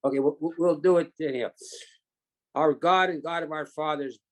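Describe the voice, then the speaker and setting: Guy in a torah class saying the blessing, measured and steady. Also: on the high side. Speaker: regular participant reciting the blessing. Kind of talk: casual chat and liturgical recitation.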